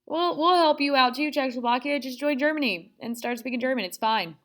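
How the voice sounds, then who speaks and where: A woman's voice: high-pitched, fairly quick, a bit bright. A woman voicing a smug male dictator, making demands in a breezy, mock-reassuring way.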